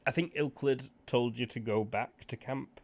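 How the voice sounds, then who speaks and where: A man narrating as game master of a tabletop game, measured and unhurried with small fillers. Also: mid-range voice.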